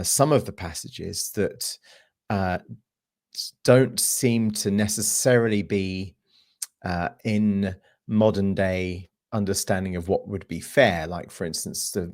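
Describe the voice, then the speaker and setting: A man hosting an interview, asking thoughtful, halting questions. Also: sits low, darkish tone. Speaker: interview host.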